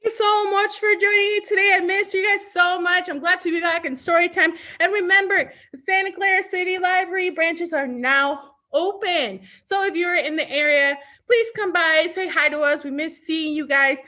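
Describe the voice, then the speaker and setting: A woman's voice: very high voice, steady tone, normal speed, few pauses, sharp tone. A woman youth services librarian hosting a live online storytime, coaxing and talking directly to young children.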